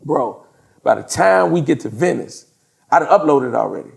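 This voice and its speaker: A man, a podcast guest telling profane, animated stories and laughing through them. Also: on the high side, normal speed, creaky. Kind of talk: casual storytelling in an interview.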